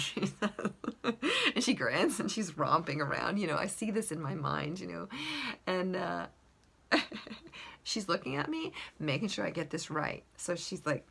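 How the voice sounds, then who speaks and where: A woman's voice: fairly low pitch, creaky, a bit bright, breathy edge. A woman animal communicator casually retelling a session, acting out the dog's replies in a playful voice and laughing often. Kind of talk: casual storytelling of a reading.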